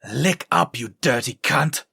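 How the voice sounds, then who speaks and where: A man's voice: medium pitch, measured pace, gravelly, bright, forceful tone, slightly rough, no echo, clean studio sound, exaggerated voice. A man voicing a cruel, dominant woman who hisses vicious threats in a hot whisper.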